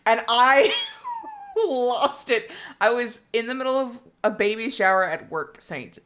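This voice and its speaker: A young woman co-hosting a hockey podcast, telling stories in casual chat, excited and swearing. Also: on the high side, a little slow. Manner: excited storytelling, swears, says "literally" often. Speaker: podcast co-host.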